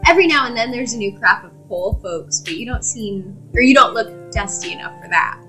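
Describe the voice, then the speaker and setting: A woman's voice: fairly high pitch, expressive, brisk, sharp tone, faint music behind, poor audio. A woman voicing a chatty, curious young woman from a small town.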